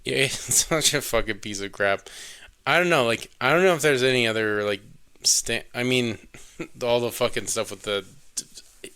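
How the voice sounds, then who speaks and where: A man's voice: mid-range voice, moderate pace, pushed and bright, smooth. A man co-hosting a podcast, chatting casually about a movie, swearing often and laughing as he retells scenes. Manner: profane, laughing, mimics film lines. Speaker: podcast co-host. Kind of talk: casual movie review chat.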